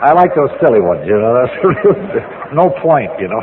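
A man's voice: medium pitch, sing-song, normal speed. A folksy man rambles through jokes and stories about his drinking days, chuckling at his own punchlines. His voice comes through a tinny, phone-like old recording, with a long echo from a big hall. Faint hiss sits underneath. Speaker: speaker telling his drinking story. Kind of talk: storytelling talk with jokes.

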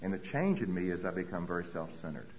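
A man's voice: low voice, animated, fast, lo-fi sound, a little hiss or hum. A middle-aged man giving a personal recovery talk, earnest and repeating key phrases for weight. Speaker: recovery meeting speaker.

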